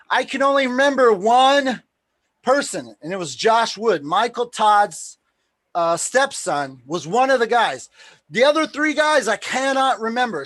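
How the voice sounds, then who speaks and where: High-voiced excitable man telling a story. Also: no echo. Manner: excitable, swears freely, acts out quoted dialogue. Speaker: live stream host and tournament promoter. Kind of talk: casual storytelling on a live stream.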